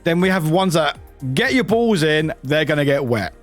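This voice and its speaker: A man's voice: a little high, expressive, moderate pace, faint music behind. A man streaming a game and chatting casually with viewers, rambling, laughing often and swearing casually.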